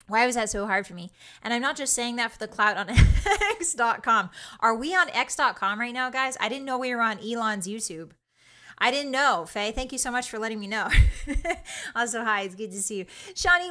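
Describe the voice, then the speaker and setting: A woman's voice: a little high, pushed and bright. A young woman streaming a game, chatting with her viewers in a playful, teasing way. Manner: playful, teasing, bubbly greetings. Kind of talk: casual stream chat.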